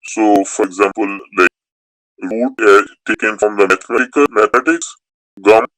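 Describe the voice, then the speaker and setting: A man's voice: fairly low pitch, moderate pace, fairly bright tone, no room sound, rough recording. A man teaching a language class online, reading out student questions and answering them methodically, step by step, with frequent restarts.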